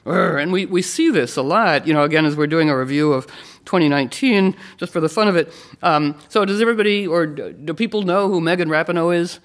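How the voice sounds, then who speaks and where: A man giving an astrology talk to an audience, rambling with many restarts and fillers, his voice jumping up for emphasis. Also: quick pace. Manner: animated, jumps up in pitch for emphasis.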